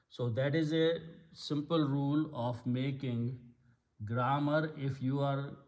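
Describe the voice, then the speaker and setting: In an Islamic center classroom, a man patiently teaches the Arabic grammar of scripture, working step by step and repeating key words. His voice is medium in pitch with a dark tone.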